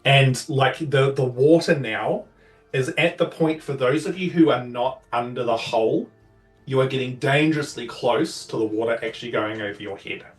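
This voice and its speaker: A man's voice: medium pitch, moderate pace, echoey room. A man narrating as dungeon master of a tabletop game, describing the action loosely with many fillers. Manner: loose, rambling descriptions full of filler words. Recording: somewhat distant mic with faint music.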